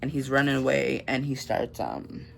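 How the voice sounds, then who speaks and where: A man's voice: mid-range voice, expressive, normal speed, vocal fry, a bit bright, soft background music. A man casually recapping a novel for a book vlog, reading passages aloud and chatting with lots of fillers. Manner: chatty, filler-heavy, laughs at grim scenes. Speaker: book vlogger.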